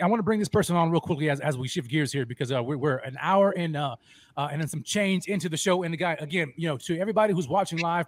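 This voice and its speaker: Excitable man hosting a sports show. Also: sits high, no room sound. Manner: excitable, repeats words in rapid restarts. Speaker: host. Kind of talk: casual sports fan show chat.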